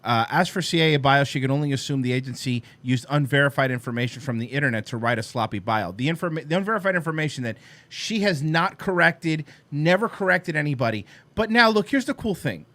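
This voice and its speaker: A man's voice: a little high, fast, fairly bright tone, dry recording. A man co-hosting an online talk show, reading out an article and mocking it in sarcastic asides. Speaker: co-host. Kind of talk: casual commentary on clips.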